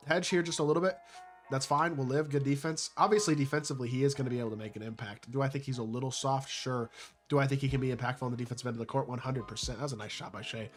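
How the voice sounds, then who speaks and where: A young man giving casual commentary over his own gameplay, rambling and hedging with rhetorical questions. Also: mid-range voice. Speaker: gaming YouTuber.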